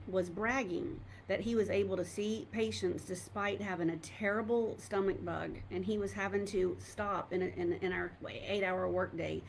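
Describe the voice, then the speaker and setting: A middle-aged woman talks to her viewers from home over a laptop microphone. She is candid and rambling, full of fillers and restarts. Her pitch sits in the middle of the range, and a faint hiss of noise runs underneath. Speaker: doctor and coach speaking to an online group. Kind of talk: casual live talk to viewers.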